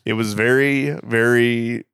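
Casting: young male podcast co-host, gravelly voice, dry close mic, laughs a lot. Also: medium pitch, steady tone, slow pace, a bit bright, dry recording. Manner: laughs often, rambling with restarts. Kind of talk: casual film chat. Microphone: studio microphone.

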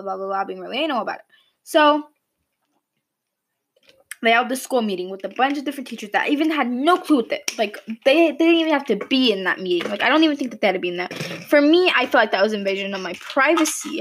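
Young woman, casual storytime vlog, chatty and animated, fairly high voice, talking to camera. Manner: chatty, animated, mimics teachers in quoted lines. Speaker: vlogger. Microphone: camera mic, speaking to camera.

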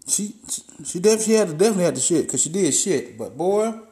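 A man hosting a podcast, telling a profane comic story in a loose, animated way and acting out what people said. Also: high voice, fast, hardly any pauses. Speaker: podcast host. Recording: roomy echo.

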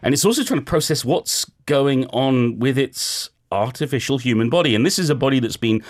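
A man's voice: mid-range voice, animated, a little fast. A man hosting a radio book show, explaining a story's plot step by step. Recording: music playing underneath.

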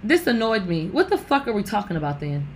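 A woman's voice: mid-range voice, big pitch swings, a little fast, background noise. A young woman giving brash, profane gossip commentary, talking straight to her viewers. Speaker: commentary vlogger.

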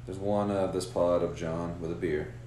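A man hosting a podcast, tipsy and crude, laughing through animated stories in a casual banter. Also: low-pitched, normal speed. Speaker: podcast host. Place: garage. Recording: echoey garage, faint background noise.

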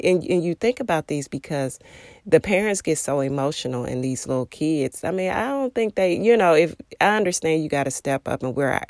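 Gravelly, halting devotional storyteller. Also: mid-range voice, darkish tone, dry recording, studio quality. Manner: rambling, halting, frequent fillers and restarts; acts out quoted remarks in a raised voice. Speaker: parent sharing a devotional story.

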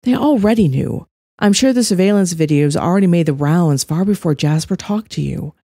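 A woman's voice: on the low side, lively intonation, moderate pace, mellow, no echo, studio quality. A woman voicing an earnest young man who reassures a friend urgently. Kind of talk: audiobook character voice.

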